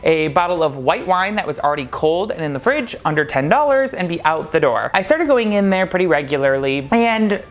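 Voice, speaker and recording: A man's voice: on the high side, animated, fairly quick, hardly any pauses. A man casually telling a personal story to camera, chatty and laughing often. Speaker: vlogger.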